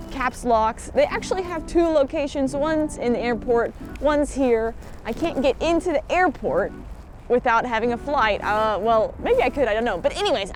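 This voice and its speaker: Chatty woman giving a casual vlog tour. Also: high-pitched. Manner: chatty and informal, with frequent fillers. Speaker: travel vlogger. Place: capsule hotel, indoors.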